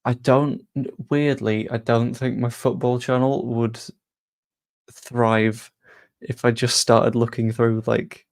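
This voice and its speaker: A man hosting a football channel, chatting casually as he answers viewer questions with quick asides. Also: mid-range voice, little pitch movement, creaky, darkish tone. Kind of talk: casual live-stream Q&A.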